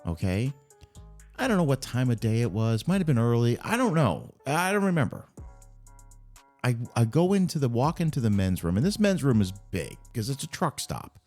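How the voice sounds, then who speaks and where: A man's voice: medium pitch, moderate pace, faint music behind. A man telling funny personal anecdotes as a podcast guest, acting out the voices of people in his stories. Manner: animated anecdote-telling with acted quotes. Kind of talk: casual storytelling.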